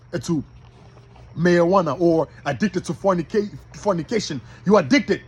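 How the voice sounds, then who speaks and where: A man's voice: a little high, breathy edge. A man preaching to an audience, emphatic and repetitive, addressing his listeners directly.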